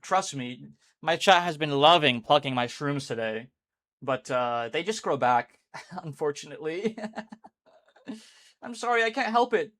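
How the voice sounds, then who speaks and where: A man's voice: a little high, expressive, unhurried, long pauses, fairly bright tone. A man streaming a video game live, chatting casually with his viewers, rambling, swearing freely and laughing often. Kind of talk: casual live-stream chat while gaming.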